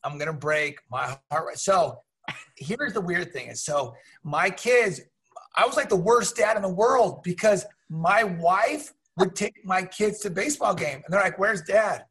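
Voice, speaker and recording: Man, middle-aged, husky, high-pitched, animated storyteller, interview guest. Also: measured pace. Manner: animated, acts out voices in his stories. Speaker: guest, teacher and minor league mascot. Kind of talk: casual storytelling.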